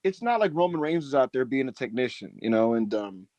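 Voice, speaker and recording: A man co-hosting a podcast, recapping and joking in profane, animated chat. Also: mid-range voice, fairly quick, no echo, muffled recording. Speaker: podcast co-host. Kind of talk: casual chat.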